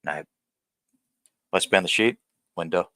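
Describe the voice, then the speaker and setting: A man's voice: deep voice, unhurried, sharp tone, dry recording. A man in his thirties talking to camera in a blunt, profane vlog rant that rambles and restarts. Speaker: vlogger. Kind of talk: candid personal vlog rant.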